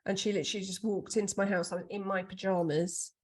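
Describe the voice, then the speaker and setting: A woman, talking in a relaxed podcast chat. Her pitch sits in an ordinary middle range, and she tells stories with lively, chatty animation. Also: quick pace. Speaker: podcast co-host. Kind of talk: casual chat.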